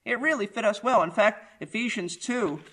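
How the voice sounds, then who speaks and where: Male preacher, high and bright, emphatic verse-by-verse sermon delivery. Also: moderate pace. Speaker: pastor.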